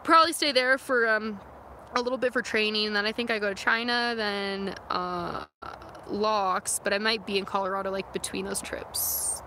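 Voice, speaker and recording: Using her phone camera, a young vlogger streams from outdoors near her van, casually answering live chat in a loose, "like"- and "um"-filled way. Her medium-pitched voice is fairly even, pushed and bright at normal speed, with slight background noise.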